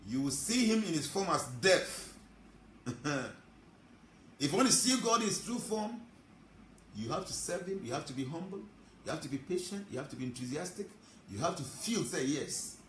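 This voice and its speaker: A man giving a sermon as a spiritual teacher, emphatic, with drawn-out phrases. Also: high-pitched, sing-song. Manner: emphatic, drawn-out phrasing, chuckles between points. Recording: roomy with faint ambient noise.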